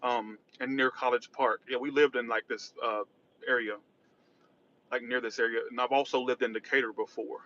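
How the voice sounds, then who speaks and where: Guy livestreaming from his car, rambly, bright kinda high voice, muffled lo-fi sound. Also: steady tone, moderate pace. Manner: rambling, reacts to chat and traffic. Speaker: tarot reader livestreaming. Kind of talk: casual livestream chat. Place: in a car driving.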